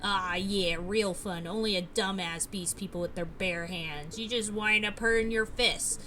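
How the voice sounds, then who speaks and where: A woman's voice: medium pitch, steady tone, unhurried, bright, forceful tone, slight background noise. Woman reading as a cocky young street punk. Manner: gruff, slangy tough talk.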